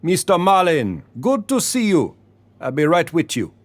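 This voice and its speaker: A man voicing a shopkeeper who talks in a showy Caribbean accent while making a smooth sales spiel. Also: sits high, very animated, a little slow, no echo, pitched above the performer's own voice. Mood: smooth, salesy. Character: older male shopkeeper with put-on Caribbean patter.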